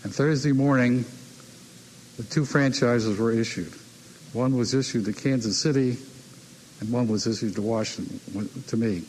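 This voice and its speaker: A team owner, an older man, shares business stories conversationally at a normal speed, pausing often, his middle-pitched voice a little mellow. He repeats key phrases for emphasis and performs what people told him, over poor audio with faint background noise.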